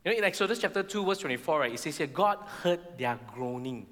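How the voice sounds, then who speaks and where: A middle-aged man, preaching a sermon in a church hall and acting out voices in animated bursts. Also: fast talker. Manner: animated, acts out the Israelites' complaints in high voices. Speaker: pastor. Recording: long hall reverb.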